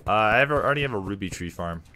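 A young man casually commenting while playing a game, swearing often and breaking into excited outbursts. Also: lowish voice, fast. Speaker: gaming streamer. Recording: music bed behind voice. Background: soft game music.

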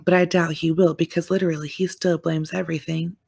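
Deep-voiced and brisk, with vocal fry and a breathy edge, a woman chats through a true-crime episode in the role of show reviewer. She's animated and exclamatory, sprinkling in slangy asides.

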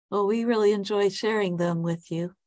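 A woman's voice: medium pitch, darkish tone. A woman teaching an online English class over a video call, talking hesitantly with frequent ums and restarts while asking students friendly questions. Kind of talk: casual online class talk.

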